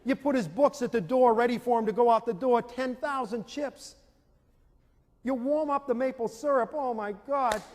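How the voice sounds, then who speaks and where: A man with a very high-pitched voice, speaking at normal speed, gives a motivational self-esteem lecture to parents and teachers, animatedly acting out stories with volunteers from the audience. The recording carries a long large-hall reverb and a little hiss or hum.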